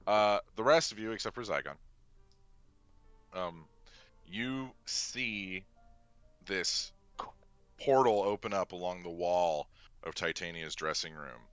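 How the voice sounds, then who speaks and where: A man narrating as game master of a tabletop role-playing game, in a relaxed, matter-of-fact way. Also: sits low, takes it slowly, long pauses, clear, resonant tone, faint music behind.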